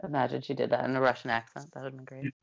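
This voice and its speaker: A woman with a remarkably low, creaky voice chats about movies and trades fun facts. The sound is dull and lo-fi. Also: flat delivery, racing. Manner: chatty, shares fun facts. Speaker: podcast co-host. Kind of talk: casual movie chat.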